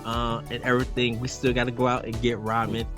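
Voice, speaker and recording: A man's voice: mid-range voice, completely flat delivery, fast talker, music in the background. A man hosting a gaming podcast, upbeat and sing-song with lots of ums, in casual chat. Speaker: podcast host.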